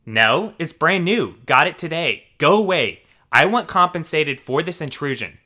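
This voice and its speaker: A man's voice: fairly high pitch, lively intonation, normal speed, bright, forceful tone, voice pushed up. A man voicing a rude, grabby entitled mother in a story reading, with a snappy, demanding delivery.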